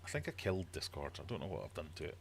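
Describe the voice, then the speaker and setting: Deep-voiced man, animated storytelling. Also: racing, a little hiss or hum. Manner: animated storyteller, exasperated outbursts. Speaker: livestream host. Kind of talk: casual livestream chat. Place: home fish room.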